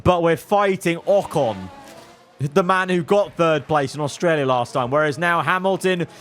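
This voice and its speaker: At normal speed, with a bit of hiss or hum on the recording, a young gaming video creator comments live on his racing management game. He talks to his drivers, alternating between low mutters and loud outbursts.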